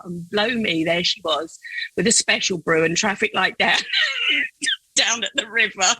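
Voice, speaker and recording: A woman's voice: medium pitch, unhurried, pauses often, husky, no echo, rough recording. A middle-aged woman, a foster carer, telling a story in a casual interview with lots of laughter and acted-out voices. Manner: animated, laughing, acts out her own and others' voices.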